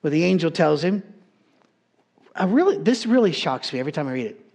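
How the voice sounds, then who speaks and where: A male preacher tells a story with relaxed, conversational humor. His voice sits fairly high for a man. He moves easily between explaining and joking. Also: fairly quick, creaky. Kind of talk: sermon.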